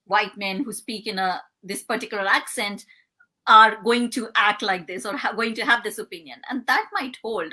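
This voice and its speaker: A woman guest in an interview, a behavioural scientist explaining ideas in measured, step-by-step answers. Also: a little high, pushed and bright.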